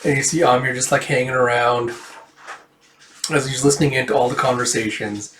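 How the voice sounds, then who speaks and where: A man's voice: medium pitch, fairly even intonation, a little fast, fairly bright tone, a little hiss or hum. A man casually reading a comic aloud and narrating the panels in a rambling, filler-filled way. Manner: rambling, filler-heavy retelling. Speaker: comic reader. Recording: roomy echo.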